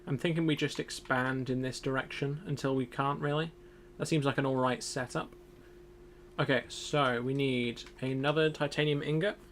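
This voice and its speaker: A man's voice: mid-range voice, steady tone, moderate pace, fairly bright tone, slight background noise. A young man streaming a survival game, casually thinking aloud as he plays. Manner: thinks aloud, muttering to himself. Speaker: gaming streamer. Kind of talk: casual gameplay commentary.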